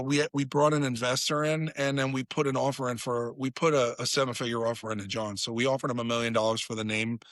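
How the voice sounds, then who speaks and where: A man's voice: medium pitch, a bit bright, dry recording. A man, a podcast guest, telling a story in casual chat, swearing freely and acting out quotes in a raised voice.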